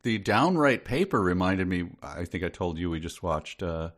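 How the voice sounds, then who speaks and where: Low-voiced quizzical podcast co-host. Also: male voice, very animated, moderate pace, a bit bright. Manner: quizzical, rambling, asks lots of questions. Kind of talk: casual book-discussion chat.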